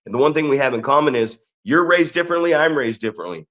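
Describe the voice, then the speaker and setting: A man's voice: mid-range voice, animated, quick pace, a bit bright. A man co-hosting a casual podcast and talking off the cuff. He rambles, restarts his sentences and swears freely as he goes. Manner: rambling, profane, restarts often. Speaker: podcast co-host.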